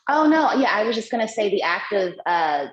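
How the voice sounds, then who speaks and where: A woman's voice: mid-range voice, big pitch swings, a little fast. A woman actress on a video call, searching for words with many "like"s. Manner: warm, searching for words with likes. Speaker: actress, guest. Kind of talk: casual interview over video call. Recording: dull, echoey video call audio.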